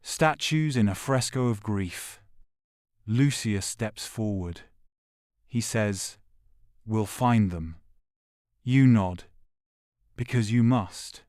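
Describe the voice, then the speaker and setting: A man narrating a second-person audio drama in a grave, measured way, with short, clipped phrases. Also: lowish voice, a little mellow, no room sound, studio quality.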